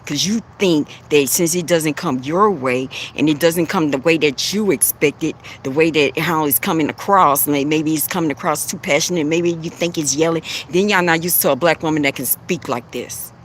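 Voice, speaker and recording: A woman's voice: low voice, moderate pace, few pauses, a little hiss or hum. A woman giving an impassioned spiritual talk as a livestream host, preachy and repetitive. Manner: passionate, preachy, repeats herself.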